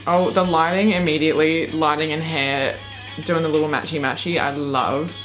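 Female YouTuber, Australian accent, lower voice, excitable and sweary reaction commentary, faint background music. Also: moderate pace. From far North Queensland, Australia.

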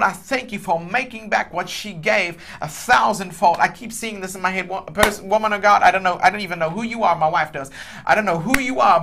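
Man, pastor, telethon prayer, gravelly voice, bright tone, declaring and decreeing. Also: sits high. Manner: declaring and decreeing, swells loud, then slows to read an address. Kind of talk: fervent telethon prayer and appeal.

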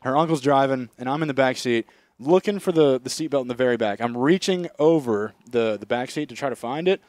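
A man's voice: mid-range voice, fairly quick, a little mellow, dry recording, studio quality. A young man co-hosting a podcast, chatting crudely and profanely and often drifting into comic bits. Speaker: podcast co-host. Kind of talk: crude casual chat. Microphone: studio microphone.

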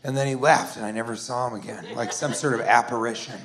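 A man in his forties doing a rambling, sarcastic stand-up set, sometimes bursting into shouted put-on voices. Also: medium pitch, fairly even intonation, quick pace. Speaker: stand-up comedian. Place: comedy club stage before a laughing audience. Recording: roomy live club sound with crowd.

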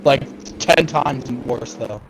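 A man joking loudly and crudely in voice chat while gaming. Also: medium pitch, takes it slowly, a crowd in the background, poor audio. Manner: loud, joking, crude outbursts. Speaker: gamer. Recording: game gunfire noise under voice.

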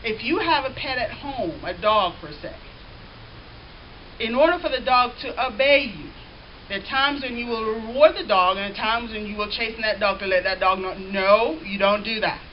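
A woman's voice: fairly high pitch, moderate pace. A woman pastor preaching a sermon, reading scripture aloud and calling out to the congregation. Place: church. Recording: dull lo-fi church recording with faint hiss.

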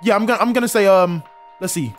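A man's voice: high voice, fast talker, faint music behind. A young man from South Carolina, giving joking, casual commentary on a game and talking to his chat. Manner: animated, joking, talks to chat. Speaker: streamer.

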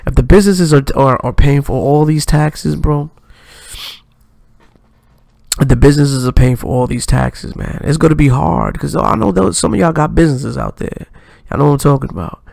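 A man hosting a casual reaction stream, excitable and profane, laughing often between comments. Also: a little high, normal speed, vocal fry, no room sound, studio quality. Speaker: reaction channel host.

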